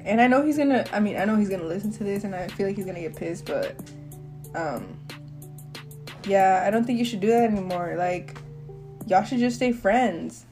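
A woman's voice: medium pitch, lively intonation, normal speed, warm tone, faint music behind. A young woman hosting her own podcast, telling a candid, slang-heavy story in a rambling, casual way with frequent laughs. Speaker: podcast host. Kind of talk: casual solo podcast chat.

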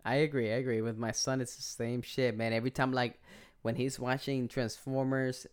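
A man's voice: mid-range voice, little pitch movement, moderate pace, smooth. A man hosting a casual podcast chat, swearing freely and dropping Spanish phrases into his English. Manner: profane, laid-back, mixes in Spanish phrases. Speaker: podcast host.

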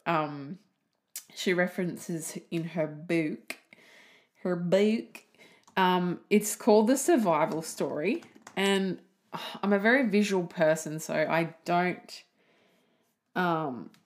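A woman's voice: on the low side, takes it slowly. A woman from Australia hosting a podcast, talking casually, giggling often and wandering off on tangents. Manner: giggly, self-mocking, goes off on tangents. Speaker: podcast host. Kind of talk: rambling casual podcast monologue. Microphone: desk mic, typing heard.

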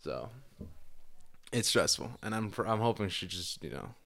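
A young man with a slightly low, groggy morning voice chats loosely on a podcast. He rambles, swears freely and keeps restarting his sentences, with filler words everywhere. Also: lively intonation, normal speed, gravelly, fairly bright tone. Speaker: podcast co-host. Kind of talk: casual chat.

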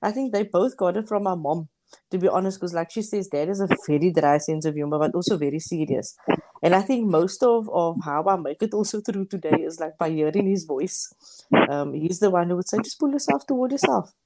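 A woman's voice: on the low side, brisk, low-quality recording. A South African woman, a guest, telling family stories with laughter. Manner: lively, laughing as she recalls family. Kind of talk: casual storytelling.

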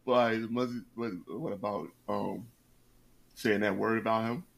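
A man's voice: fairly low pitch, fairly even intonation, unhurried, creaky. Joking male podcast co-host. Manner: laughing, joking reactions. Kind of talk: casual chat.

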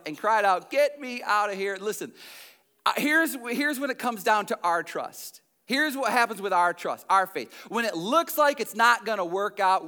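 A man who is a pastor, preaching a sermon in a church with dynamic delivery that swings from loud to hushed. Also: sits high, clean tone.

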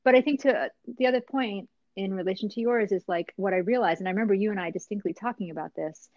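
A woman in casual conversation, telling a story in an animated, chatty way with many fillers. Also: mid-range voice, fast talker, no echo. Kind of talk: casual chat. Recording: dry, slightly dull sound.

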